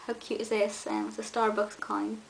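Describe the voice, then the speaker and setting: A woman's voice: medium pitch, completely flat delivery, moderate pace, creaky, low-quality recording. A young woman, chatting eagerly to camera in a vlog, with many ums and restarts. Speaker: vlogger. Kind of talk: casual chat to camera. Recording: faint hiss.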